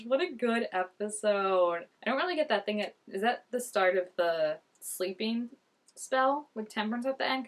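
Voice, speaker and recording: A woman's voice: mid-range voice, fairly bright tone. Gushing young woman reacting to a show. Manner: gushing, chatty, laughs often, many "like" fillers. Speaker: TV reaction vlogger. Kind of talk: casual reaction commentary.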